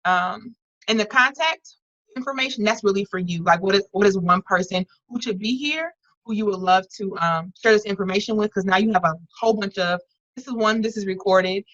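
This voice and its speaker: A woman's voice: mid-range voice, a little fast, a bit bright, no echo, highs cut off. A woman leading an online workshop, talking earnestly and conversationally with frequent restarts and fillers over a video call. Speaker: workshop facilitator.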